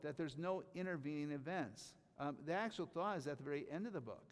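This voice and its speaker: Male preacher, fairly high voice, emphatic sermon with loud bursts, long hall reverb. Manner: emphatic, rises to loud bursts on key phrases; reads scripture aloud slowly.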